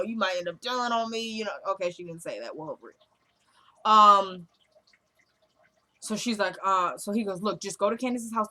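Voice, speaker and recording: A woman casually recapping a TV drama episode, retelling scenes as quoted dialogue with a chatty, animated delivery. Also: mid-range voice. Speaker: show recap vlogger.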